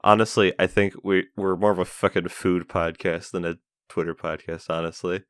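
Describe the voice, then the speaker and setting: Low-voiced guy hosting a podcast, swears a lot, jokey, dead dry mic. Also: steady tone, moderate pace, fairly bright tone, clear, resonant tone, no echo. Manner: profane, joking, laughs often. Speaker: podcast host. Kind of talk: casual chat.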